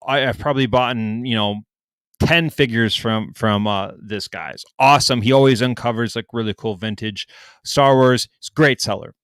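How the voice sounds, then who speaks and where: A young man's clear, resonant, medium-pitched voice comes through at normal speed with no echo. Co-hosting a podcast, he tells an animated, profane story and loudly performs other people's quotes.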